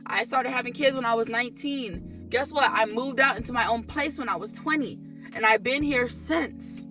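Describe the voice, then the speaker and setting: A woman's voice: a little high, normal speed. A young woman venting to camera in a candid monologue, emphatic and often exasperated. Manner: emphatic, rising to exasperated outbursts. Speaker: vlogger. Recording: faint background music.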